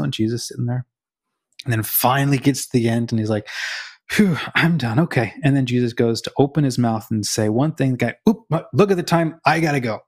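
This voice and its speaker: Guy cohosting a faith podcast, chatty storyteller, acts out the quotes, mid pitch. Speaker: podcast co-host. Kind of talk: casual conversation on faith.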